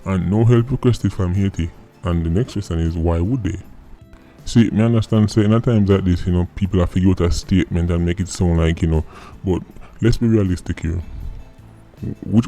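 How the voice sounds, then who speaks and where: Jamaican man, vlog host, deep voice, sardonic, rhetorical, faint music behind. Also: brisk, warm tone. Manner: sardonic and mocking, rhetorical questions. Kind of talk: political commentary vlog.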